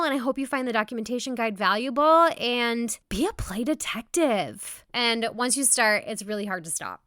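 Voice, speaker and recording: A woman's voice: high voice, pushed and bright, smooth, no room sound, clean studio sound. A woman, a preschool teacher hosting a podcast, chatting enthusiastically and restarting her sentences often. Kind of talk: casual solo podcast talk.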